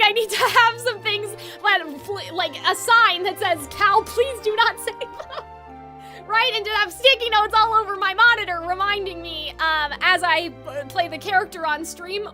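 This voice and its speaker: Woman streamer, very high and sharp-toned; chatty, rambling, self-correcting live talk. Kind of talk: casual live-stream chat.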